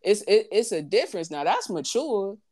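A woman's voice: medium pitch, big pitch swings, normal speed, a little mellow, slight background noise. A woman, talking bluntly and profanely in casual chat, repeating her points for emphasis.

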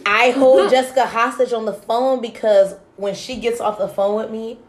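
A woman's voice: on the high side, fairly even intonation, moderate pace. A woman in her twenties hosting a podcast chat with friends, blunt and profane, who repeats herself to hold the floor. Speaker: podcast host. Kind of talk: casual chat among friends.

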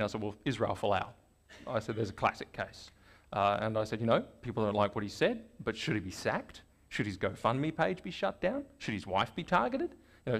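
An Australian man, a guest in an interview, telling stories in a lively conversational way and acting out the people he quotes. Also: medium pitch. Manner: animated storyteller, acts out quoted voices.

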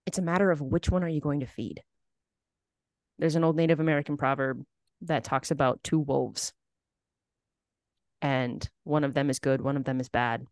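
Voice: medium pitch, fairly even intonation, normal speed, long pauses, no echo, studio quality. A podcast host talking animatedly in a casual conversation, building out analogies.

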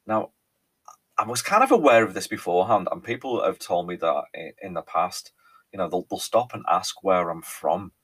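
Hosting his own casual podcast, a man in his thirties from Ellesmere Port, England, speaks with a Merseyside accent touched by a faint Cheshire lilt. His low-pitched voice is animated, a bit bright and slightly rough at a moderate pace, and he rambles with plenty of ums, restarts and repeated words.

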